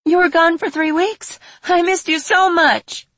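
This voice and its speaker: A woman voicing a bubbly, cheeky young girl who teases loudly. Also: high voice, animated, unhurried, vocal fry, dry recording, voice pushed up, full character voice. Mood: cheeky, excited. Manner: loud, teasing, sing-song.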